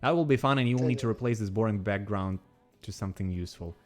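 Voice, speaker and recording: Low-voiced man with a Russian accent. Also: quick pace, faint music behind. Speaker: podcast co-host. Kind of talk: casual chat.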